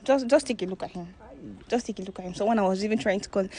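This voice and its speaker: A woman's voice: mid-range voice, very fast, dark tone. A woman in a comic blind-date skit, speaking in an indignant and offended way.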